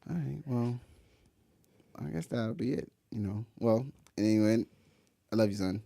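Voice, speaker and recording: A man's voice: lowish voice, unhurried, gravelly, mellow, no room sound, studio quality. A middle-aged man hosting a podcast, chatting with his son in an encouraging, teasing way. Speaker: podcast host. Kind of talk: casual father-son chat.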